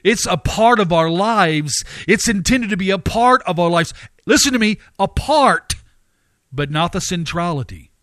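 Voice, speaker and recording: A man with a high voice, preaching with emphatic force and piling up repeated phrases. He swings into sharp rising outbursts. The sound is dry and close, with no room around it. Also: lively intonation, a little slow, no room sound. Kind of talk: sermon.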